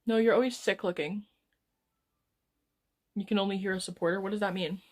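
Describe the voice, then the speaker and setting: A woman's voice: mid-range voice, fairly even intonation, fairly quick. A woman live streamer rambling in casual chat as she talks to her viewers. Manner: rambling, chatting with chat, drifting off-topic.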